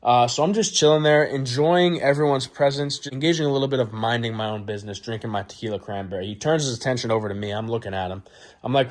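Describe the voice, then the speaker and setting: A man's voice: medium pitch, lively intonation, fast. A man hosting his own channel, telling a comic story in a crude, boastful way with lots of swearing. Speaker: vlog host. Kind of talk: profane comedic storytelling.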